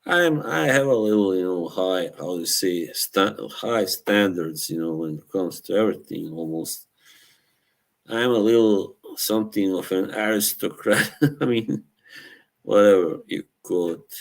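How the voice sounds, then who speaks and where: Low-voiced man, slow rambling live chat. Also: creaky. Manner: rambling, laughs often at his own stories; halting, searches for words. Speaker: live stream host. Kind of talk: casual chat reacting to live chat.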